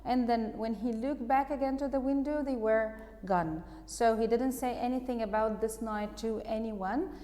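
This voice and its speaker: A woman's voice: a little high, steady tone, normal speed, few pauses, warm tone, in a large hall. A woman English teacher, reading a storybook aloud and patiently explaining words and asking the class questions.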